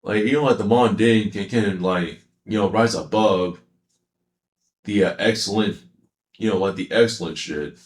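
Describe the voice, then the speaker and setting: A man's voice: fairly low pitch, normal speed, roomy sound. A man giving a casual, rambling anime commentary, slangy with many fillers and frequent laughter. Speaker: anime reviewer.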